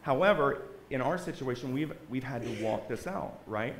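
A man's voice: medium pitch, expressive, moderate pace, roomy sound, a little hiss or hum. A man giving an earnest church testimony to a congregation, often checking in with "right?". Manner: earnest, keeps asking "right?". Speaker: guest speaker giving a testimony. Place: church sanctuary.

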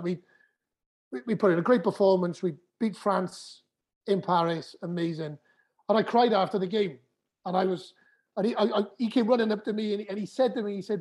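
A man's voice: sits high, a little fast, pauses often, a little mellow. A man in his forties, a former rugby player and guest, telling his story frankly and with feeling, swearing and restarting often. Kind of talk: candid storytelling in a podcast chat.

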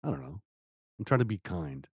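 A man co-hosts a podcast in casual chat, joking and hedging with lots of fillers. His pitch rises and falls in lively swings. The sound is dry and close. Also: a little fast, breathy edge, no echo. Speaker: podcast co-host.

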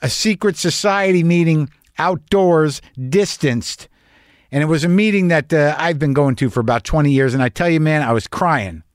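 A man in his fifties talks straight into a close, dry mic, his voice a touch higher than most men's. He rambles in a wry, confessional way, mixing profanity with earnest musing, like a host opening his show. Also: normal speed, no echo. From New Mexico. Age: 50s. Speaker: podcast host. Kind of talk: casual monologue.

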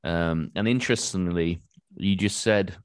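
Deep-voiced man hosting an interview. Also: clear, resonant tone, no room sound, studio quality. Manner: warm, appreciative, slightly halting with fillers. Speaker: host. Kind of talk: interview questions.

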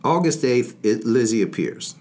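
A man's voice: medium pitch, moderate pace. A man co-hosting a true-crime podcast, rambling through the story with jokes. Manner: rambling, jokey, lively storyteller. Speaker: podcast co-host.

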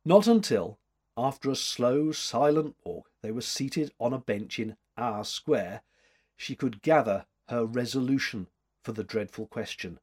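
Husky, slow-paced male storyteller. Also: mid-range voice. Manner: measured, expressive reading. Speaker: audiobook narrator. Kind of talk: scripted narration of an old-fashioned story.

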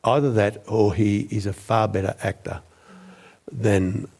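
A man, a former journalist, recounting a story as a guest in a measured, deliberate way. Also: fairly low pitch, steady tone, a little mellow. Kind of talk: storytelling interview.

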